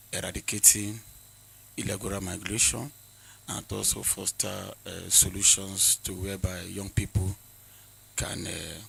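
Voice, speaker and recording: Deep, gravelly Nigerian man, earnest speechmaker who hesitates often. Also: a bit bright, a little hiss or hum, rough recording. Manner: earnest, exhorting, with frequent hesitations. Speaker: forum speaker. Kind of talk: formal address at a forum.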